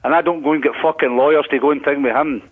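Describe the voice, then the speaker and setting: A man's voice: a little high, fairly even intonation, very fast, phone-quality sound. A Glaswegian man answering a prank call, combative and swearing heavily. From Glasgow, Scotland. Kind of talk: angry phone argument.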